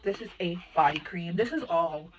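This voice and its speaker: A young adult woman chatting excitedly as a makeup vlogger, full of asides and "like". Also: lowish voice, normal speed. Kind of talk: casual unboxing chat.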